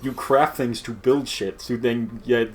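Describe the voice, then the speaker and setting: This let's play host speaks in a mid-range, slightly mellow voice, a little slowly and with fairly even intonation, while soft music plays behind him. His casual gaming commentary is a profane rant full of laughs, and he imitates other people's words to mock them.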